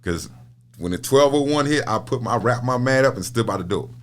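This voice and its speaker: A middle-aged prison minister speaks at medium pitch, animated and fairly quick, as a guest in a laid-back podcast conversation. He tells anecdotes with plenty of repetition and laughter.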